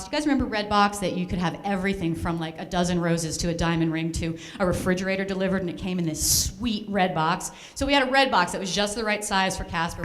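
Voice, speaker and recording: A woman on stage at a fundraiser, telling a self-mocking comic story into a microphone with playful drama. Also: fairly low pitch. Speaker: speaker at a charity fundraiser. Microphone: handheld or stand microphone.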